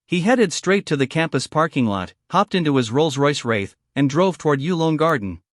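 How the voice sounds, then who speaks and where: Male recap narrator with an animated, slightly high delivery. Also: normal speed, no echo, studio quality. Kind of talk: scripted story narration.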